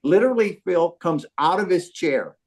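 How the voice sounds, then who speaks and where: An older man tells an old baseball story over a phone call, lively and animated. His voice sits a little high, and he acts out the quotes with plenty of swearing. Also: moderate pace. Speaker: baseball trainer telling a story.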